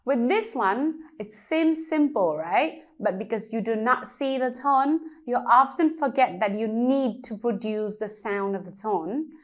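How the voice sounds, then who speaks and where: A woman's voice: a little high, animated, measured pace, hardly any pauses. A woman teaching pronunciation, explaining patiently step by step with examples. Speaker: language teacher. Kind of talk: slow pronunciation lesson.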